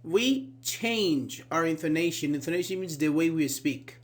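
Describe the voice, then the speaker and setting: Male English teacher, slightly higher voice, patient and repetitive, lots of "actually" and "uh-huh". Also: lively intonation. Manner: explains slowly, asks students questions, repeats key words. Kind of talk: live online grammar class.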